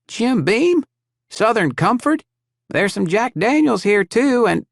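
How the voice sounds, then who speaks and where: A man's voice: sits high, takes it slowly, vocal fry, no room sound, clean studio sound, voice pushed up, heavily acted. A man voicing a jittery teenage survivor. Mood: eager. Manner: rambling, apologetic, excitable. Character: young man under twenty-one, eager and nervous.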